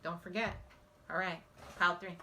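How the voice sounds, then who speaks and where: Woman psychic reading for viewers, low pitch with a forceful, tense edge, earnest and direct. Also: fairly even intonation, normal speed, slight background noise. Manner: earnest, emotional, speaks straight to viewers. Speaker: psychic tarot reader.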